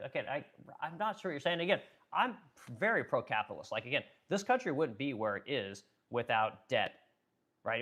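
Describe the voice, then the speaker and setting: A man's voice: medium pitch, a bit bright. A middle-aged man and business owner ranting heatedly on a livestream, swearing often, repeating himself and stumbling over his words. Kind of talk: heated political rant on a livestream.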